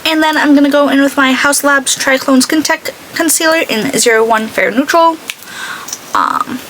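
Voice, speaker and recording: A woman's voice: sits high, big pitch swings, normal speed, fairly bright tone, a little hiss or hum, rough recording. A young woman chatting casually while doing her makeup, rambling through a story and quoting herself with lots of "I'm like.". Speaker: beauty vlogger.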